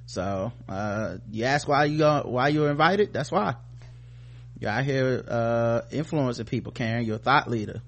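A man's voice: medium pitch, normal speed. A man hosting a podcast, reading listener comments aloud in a casual, joking way with plenty of profanity. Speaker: podcast host.

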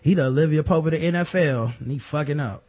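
A man with a slightly high voice in loose sports talk, lively and profane. He keeps breaking into mocking voices, and his delivery stays quick and loose throughout. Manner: animated, profane, mocking impressions. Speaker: podcast co-host.

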